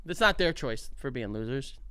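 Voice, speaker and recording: A man's voice: medium pitch, moderate pace, slight background noise. A man co-hosting a podcast, chatting casually and emphatically with friends. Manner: animated, emphatic, talks over others. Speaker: podcast co-host. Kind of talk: casual chat.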